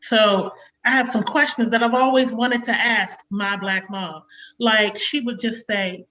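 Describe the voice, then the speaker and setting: A woman in her forties doing a chatty stand-up comedy set over a video call, slipping into sharp quotes of a stern mother. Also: fairly high pitch, steady tone, a little slow, highs cut off. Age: 40s.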